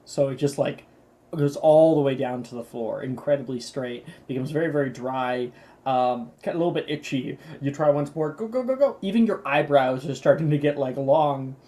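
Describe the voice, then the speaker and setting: Mellow-voiced easygoing game master. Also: medium pitch, normal speed. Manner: easygoing, laughs often, relaxed. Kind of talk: narrating a tabletop game.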